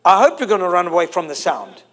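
A preacher in his forties with a notably high-pitched voice. He delivers his sermon emphatically, repeating and drawing out his key phrases. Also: lively intonation, fast, fairly bright tone. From South Africa.

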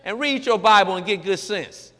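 A man's voice: high voice, normal speed, bright, forceful tone, big-room sound. A middle-aged man preaching in a folksy, joking, emphatic way. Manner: folksy, joking, emphatic, mocks formal prayer. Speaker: pastor. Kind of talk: sermon-style radio talk.

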